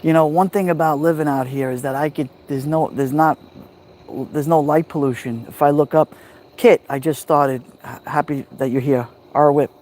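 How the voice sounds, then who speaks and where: A man's voice: on the high side, moderate pace. Easygoing New York man by a fire. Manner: greets viewers by name, calm and easygoing. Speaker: livestream host. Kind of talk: relaxed livestream chat. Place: outdoors at a backyard fire pit at night. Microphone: phone held near the fire.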